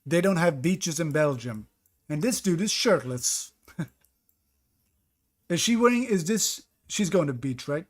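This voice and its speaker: A man with a fairly high voice streams a geography guessing game. He reasons out loud and second-guesses himself. He chats casually with his viewers between guesses. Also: animated, measured pace, long pauses. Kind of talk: live-stream commentary reading chat.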